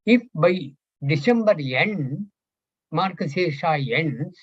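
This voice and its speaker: Older male scripture teacher, slow and searching, slightly high voice, dull lo-fi sound. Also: expressive, breathy edge, no echo. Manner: slow, thinking aloud, asks students questions. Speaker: Gita teacher. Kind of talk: scripture class. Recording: dull lo-fi recording.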